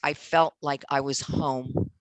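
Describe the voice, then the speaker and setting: A woman's voice: extremely low pitch, steady tone, slow pace, dry recording. A middle-aged woman from Philadelphia, a winery owner, telling a self-deprecating story in a podcast interview. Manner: warm, self-deprecating storyteller who laughs at herself.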